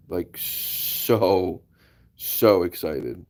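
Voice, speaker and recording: New guy, kinda low voice, rambling live chat with viewers, laughs a lot. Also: a little slow, darkish tone, smooth. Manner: chatty, laughs often, greets viewers by name. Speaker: livestream host. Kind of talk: casual live-stream chat.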